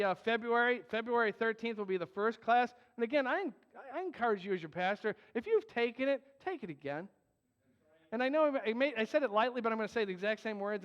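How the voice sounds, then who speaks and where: Preaching in a church sanctuary, a pastor with a high, smooth voice delivers his sermon earnestly and emphatically, tossing in the occasional joke. Long hall reverb and a dull tone mark the recording.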